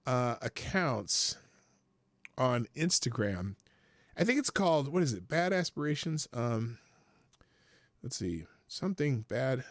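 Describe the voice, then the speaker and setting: A man's voice: medium pitch, very animated, slow, pauses often, no room sound. A man hosting a casual livestream show from a small home studio, rambling, profane and chuckling often. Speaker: host. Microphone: headphones with desk mic.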